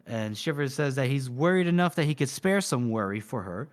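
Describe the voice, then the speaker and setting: A man co-hosting a casual book podcast, retelling scenes and acting out characters' lines in quick quoted voices. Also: medium pitch, animated. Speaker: podcast co-host.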